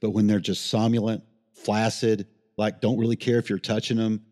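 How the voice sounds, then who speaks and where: A man's voice: fairly low pitch, level tone, normal speed, dark tone, big-room sound. A middle-aged man, a paramedic, telling a rambling story in a casual interview, swearing freely and getting emotional. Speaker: paramedic guest.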